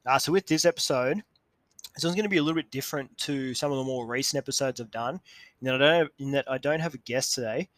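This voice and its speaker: A male podcast host talking on his own in a steady, even, explanatory way. His voice sits in an ordinary middle register. It is recorded close and dry, with no room sound. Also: medium pitch, quick pace, no echo. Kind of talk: solo educational podcast talk.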